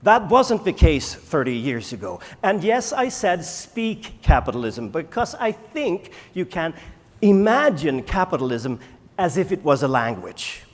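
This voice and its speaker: A man, a native Swedish speaker, giving a conference keynote and firing rhetorical questions at the audience with dramatic pauses. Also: fairly high pitch, very animated. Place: large conference hall. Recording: echoey conference hall.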